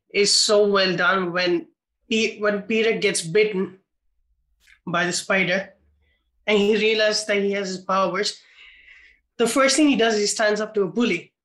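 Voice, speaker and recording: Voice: medium pitch, a bit bright, low-quality recording. A podcast co-host talking casually and bluntly about a film, swearing freely.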